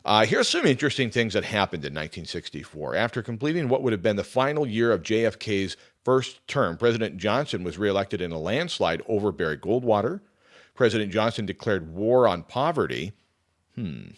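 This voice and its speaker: A man hosting a radio talk show, chatting casually as he reads through a list of facts and drops quick personal asides. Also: lowish voice, sing-song.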